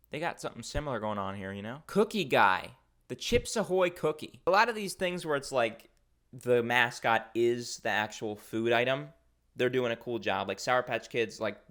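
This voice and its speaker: A man hosting a casual video, talking in an excitable, jokey way with frequent laughs and rambling asides. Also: mid-range voice. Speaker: video host ranking food mascots. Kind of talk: casual commentary.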